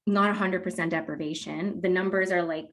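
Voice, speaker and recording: A woman talking as a guest expert in a casual interview, explaining in a lively way and acting out what parents say. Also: on the low side, fairly quick. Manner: animated, acts out quoted parents with laughs. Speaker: guest expert on mouth breathing.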